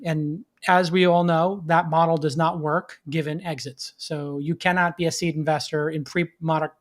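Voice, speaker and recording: A middle-aged man hosting a live podcast, giving energetic advice to startup founders with quick acted-out asides. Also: on the high side. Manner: energetic, plays an auctioneer in quick bursts. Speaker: podcast host.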